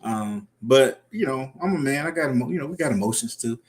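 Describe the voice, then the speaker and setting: A man's voice: mid-range voice, lively intonation, a little fast. A man hosting a casual live stream, reading out viewer comments and laughing often. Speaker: livestream host.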